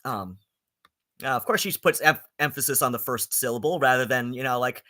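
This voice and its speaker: A man streaming rambling, sarcastic commentary, halting on constant ums and likes. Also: medium pitch, bright, forceful tone. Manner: filler-heavy, halting, with many ums and likes; sarcastic and exasperated.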